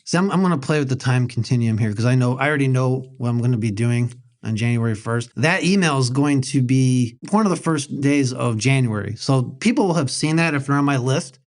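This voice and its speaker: A man's voice: mid-range voice, fairly quick. A man hosting a podcast in casual chat, blunt and joking as he tells stories to his co-host. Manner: brash, joking, blunt storytelling.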